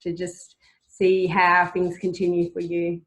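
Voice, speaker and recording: A woman's voice: on the low side, completely flat delivery, unhurried. A woman hosting an interview, talking in an encouraging way with frequent ums. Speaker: host. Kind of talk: casual interview chat.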